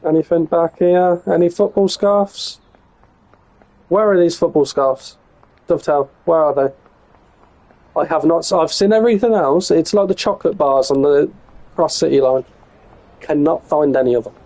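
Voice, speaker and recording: A man's voice: fairly high pitch, moderate pace, darkish tone, poor audio. An English man talking casually to himself and his viewers while live-streaming a train game, chatty and muttering with some swearing. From England. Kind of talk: casual gameplay commentary.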